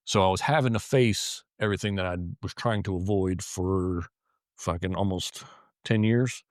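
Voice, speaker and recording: Lower-voiced man, profane and halting. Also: no room sound, clean studio sound. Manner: heavy swearing, frequent restarts and repeated words. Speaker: interview guest, law enforcement officer. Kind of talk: casual interview storytelling.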